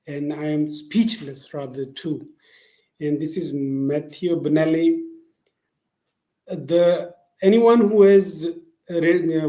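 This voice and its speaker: Slow-talking effusive podcast host, a man. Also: fairly high pitch, mellow, echoey room. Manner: halting, effusive, with restarts. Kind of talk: interview podcast.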